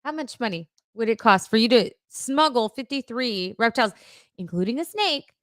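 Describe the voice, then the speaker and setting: A woman co-hosting a podcast, animated and teasing, quick with jokes. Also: a little high, no room sound, clean studio sound. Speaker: podcast co-host. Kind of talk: casual chat.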